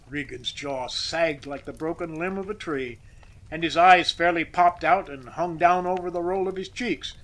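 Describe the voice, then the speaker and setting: A man narrating a classic story as an audiobook reader, expressive and measured. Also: a little high, low-quality recording.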